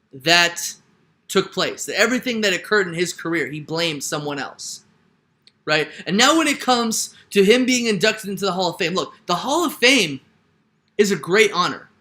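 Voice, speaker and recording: Man, young adult, high-pitched, bright, emphatic, repetitive sports rant. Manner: emphatic, repeats points, asks "right?". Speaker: sports commentator. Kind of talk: ranting opinion monologue.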